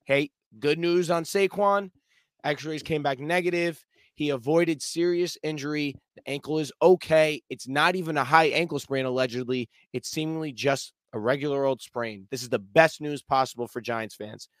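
A man co-hosting a sports podcast in casual chat, animated and boisterous, swearing and acting out plays with sound effects. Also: on the high side, moderate pace, no room sound. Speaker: podcast co-host.

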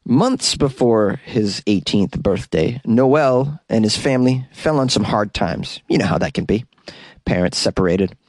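A man's voice: lowish voice, expressive, a little slow, darkish tone, no room sound. A man with a New England accent hosting a comedy news podcast, joking and rambling with frequent laughs. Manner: jokey, rambling, laughs often.

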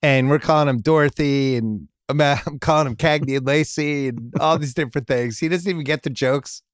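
This is a middle-aged man hosting a podcast, spinning a long, rambling family story and cracking himself up along the way. His voice sits at an ordinary middle pitch. It sounds dry and close, with no room around it. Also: brisk, dry recording. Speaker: podcast host. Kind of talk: casual storytelling chat.

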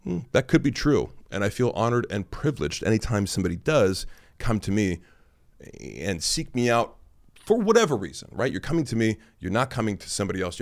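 A man of about forty hosts a podcast and coaches lifting, delivering a casual monologue. His voice is lowish with vocal fry, and his tone is blunt, sarcastic, and relaxed, peppered with offhand fillers.

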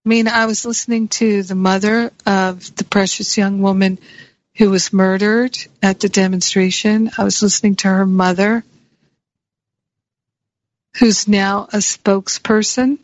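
A woman giving a slow, earnest spiritual talk as a teacher, repeating key phrases for emphasis. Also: medium pitch, fairly even intonation, no echo, lo-fi sound.

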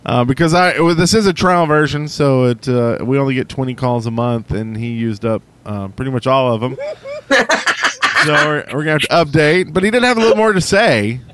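A man's voice: mid-range voice, a little fast, a bit bright, slight background noise. A man hosting a podcast, chatting loosely and joking with occasional swearing. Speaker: podcast host. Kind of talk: casual podcast chat.

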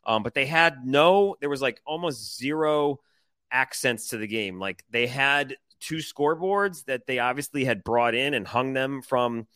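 Bright-voiced man telling a rambling story. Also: mid-range voice, unhurried, no room sound. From Detroit. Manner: rambling, excited storytelling with fillers. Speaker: podcast co-host. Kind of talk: casual chat.

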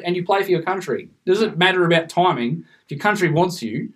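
A man's voice: high-pitched, expressive, fairly quick, few pauses. A man co-hosting a casual sports podcast, ranting in an emphatic, passionate way. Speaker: podcast co-host. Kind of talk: casual cricket podcast chat.

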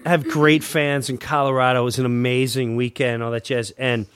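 A man hosting a podcast, telling a story with lively energy and acting out the people in it. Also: medium pitch, fairly quick, smooth, dry recording. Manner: animated anecdote teller, acts out quoted people. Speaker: podcast host. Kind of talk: casual storytelling.

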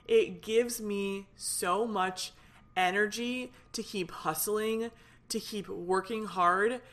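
Fired-up young woman podcaster venting. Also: mid-range voice. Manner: fired up, animated, rambling with many fillers. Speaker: podcast host. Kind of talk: casual solo podcast venting.

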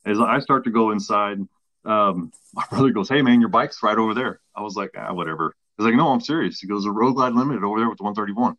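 A man's voice: fairly low pitch, fast, fairly bright tone, dry recording. A man, a podcast guest telling a long casual story full of restarts and acted-out quotes. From Texas. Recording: dull, dry lo-fi sound.

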